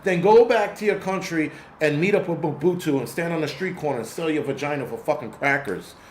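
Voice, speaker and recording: A man's voice: on the high side, a little fast, echoey room, a little hiss or hum. A man from the United States hosting his channel, giving an angry, profane, rambling livestream rant full of restarts. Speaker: host.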